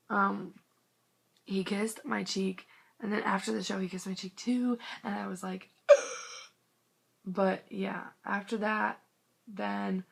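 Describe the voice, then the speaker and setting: Gushing young woman with a gravelly, husky voice. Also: mid-range voice, fairly bright tone. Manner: gushing, rambling, fillers of "like", drops to a whisper at times. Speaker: vlogger. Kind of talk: excited casual storytelling to camera. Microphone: phone.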